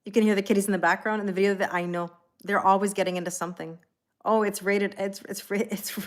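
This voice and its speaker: A woman's voice: mid-range voice, flat delivery, fast talker. A woman doing a live-stream tarot reading, talking casually and rambling, greeting viewers by name with lots of fillers and self-corrections. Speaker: tarot reader.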